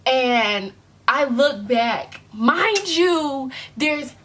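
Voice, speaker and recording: A young woman vlogger telling an embarrassing story, animated and acting out the other people in it. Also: high voice, extremely slow, a little hiss or hum. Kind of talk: storytime vlog.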